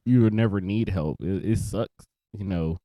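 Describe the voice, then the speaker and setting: A man's voice: on the low side, moderate pace, no room sound, lo-fi sound. A young man co-hosting a podcast in a loose casual chat, trailing off, restarting and laughing often. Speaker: podcast co-host.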